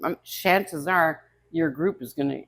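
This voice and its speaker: A woman's voice: low voice, unhurried, gravelly, fairly bright tone. An older woman tasting food on a cooking show, chatty and effusive, full of old-fashioned exclamations, in a studio kitchen. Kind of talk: casual kitchen chat.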